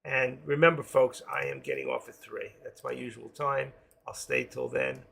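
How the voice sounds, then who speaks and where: A man's voice: mid-range voice, steady tone, normal speed, creaky, a bit bright, slight background noise. An older man with a New York accent and a trace of Florida, chatting casually with viewers while hosting a live trading stream from home.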